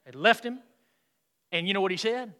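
A man preaching a sermon as pastor in a church, swinging between loud exhortation and quiet, intimate passages. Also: high voice, animated, normal speed.

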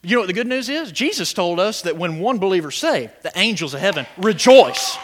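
High, lively preaching man. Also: brisk, few pauses, a little hiss or hum. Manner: animated preaching, rising to shouts, with laughs and stammered restarts. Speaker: pastor. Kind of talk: sermon.

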